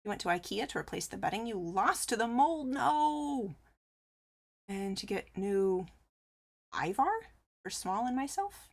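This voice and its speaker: A woman's voice: medium pitch, animated, moderate pace. A woman chatting casually on a live crochet stream, reading out viewer messages and answering them with frequent laughs. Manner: chatty, reads chat aloud and answers, laughs often.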